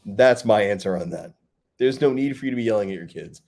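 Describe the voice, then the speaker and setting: Blunt New dad giving advice. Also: male voice, lowish voice, brisk, darkish tone. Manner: blunt, direct, rhetorical questions. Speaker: co-host, fatherhood coach. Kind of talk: live Q&A advice talk.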